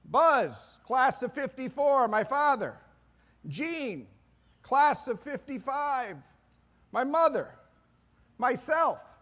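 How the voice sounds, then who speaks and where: A middle-aged man from Maine giving an energetic, self-deprecating keynote speech in a conference hall. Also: very high voice, takes it slowly, long pauses. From Maine, USA. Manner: excitable, self-deprecating storyteller. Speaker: keynote speaker.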